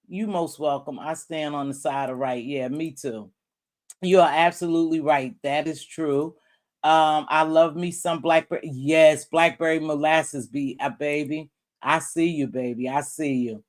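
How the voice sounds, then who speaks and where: A middle-aged woman hosting a casual livestream, chatting with viewers and giving gossip commentary, her voice jumping high when she gets worked up. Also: measured pace. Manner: animated, jumps high when worked up, reads out and greets chat viewers. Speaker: livestream host.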